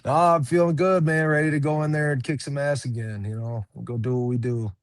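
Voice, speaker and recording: A man's voice: medium pitch, steady tone, fairly quick, dry recording. Laid-back swearing young man, dry sound. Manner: profane, laid-back, laughing often. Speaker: MMA fighter, interview guest. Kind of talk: casual interview chat.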